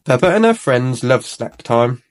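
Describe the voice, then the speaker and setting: A man reading a children's storybook aloud in an expressive, animated way. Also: mid-range voice, measured pace.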